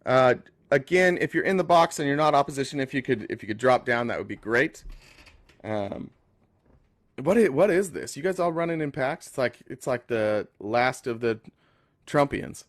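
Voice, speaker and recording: A man's voice: medium pitch, lively intonation, moderate pace, dry recording, clean studio sound. A man hosting a casual live stream, blunt and talking straight to his callers. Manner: blunt, talks to callers directly. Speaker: livestream host.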